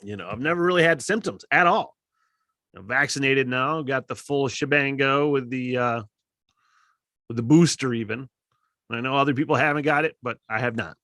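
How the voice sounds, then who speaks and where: A middle-aged man from Michigan hosting a casual solo podcast, rambling and swearing, getting worked up and loud at times. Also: medium pitch, normal speed, dry recording, studio quality. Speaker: podcast host.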